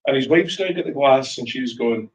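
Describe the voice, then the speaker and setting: A Scottish man telling lively whisky stories as a guest speaker at a tasting, acting out voices as he goes. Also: mid-range voice, normal speed, echoey room, recorded from a distance, lo-fi sound. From Scotland. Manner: animated storyteller, acts out voices in anecdotes. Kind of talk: live storytelling chat at a tasting. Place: shop tasting room.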